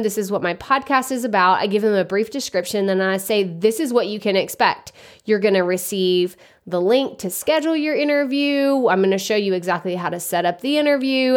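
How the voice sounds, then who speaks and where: A woman hosts a podcast and gives advice in a casual, chatty way. Her voice sits at a middle pitch. She often stops to correct herself and acts out the questions people ask. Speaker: podcast host.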